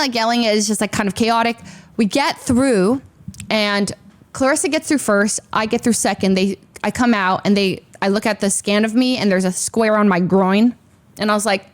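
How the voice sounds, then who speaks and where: A young adult woman streamer casually telling an animated story, acting out sound effects and other people's voices. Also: mid-range voice.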